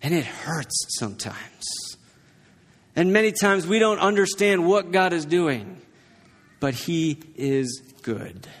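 A man's voice: on the high side, sing-song, takes it slowly, in a large hall. A male pastor preaching a sermon, telling a personal story in a conversational way and often checking in with the congregation. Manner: conversational, keeps checking in with the listeners.

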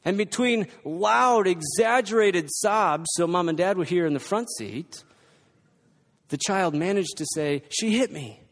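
A man's voice: sits high, unhurried, a bit bright. A man preaching a sermon, reading scripture and pressing his points with emphatic, repeated exhortations. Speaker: pastor. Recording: long reverb from a large hall.

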